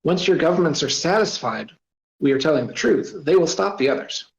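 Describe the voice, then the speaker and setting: A giggly, upbeat young alien woman, voiced by a male storyteller lifting his voice. She chats brightly and eagerly about strange things. The sound is roomy and a little muffled. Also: on the high side, lively intonation, brisk, creaky, pitched above the performer's own voice. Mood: cheerful. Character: cheerful, playful young female alien. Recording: roomy, dull voice-chat audio.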